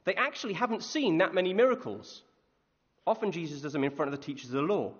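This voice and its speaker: A man preaching a conversational sermon, animated, often asking his listeners questions. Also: on the high side, fast talker, husky. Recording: echoey hall, dull lo-fi sound.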